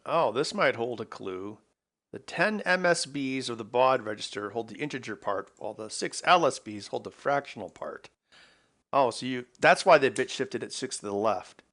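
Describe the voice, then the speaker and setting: A man's voice: medium pitch, animated, normal speed, fairly bright tone. Man muttering through a project. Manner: muttering to himself while working. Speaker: electronics maker host. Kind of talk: casual work-along narration.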